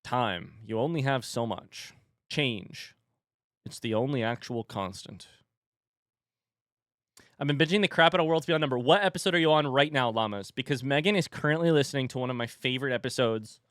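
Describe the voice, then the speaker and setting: A man's voice: mid-range voice, moderate pace, fairly bright tone, no echo, clean studio sound. A man chatting casually on a livestream, rambling and reading viewer messages aloud.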